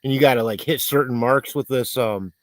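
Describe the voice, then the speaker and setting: A man's voice: mid-range voice, a little fast, no echo. A man hosting a livestream, rambling in casual chat and reading viewers' comments aloud, congested and coughing. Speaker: livestream host.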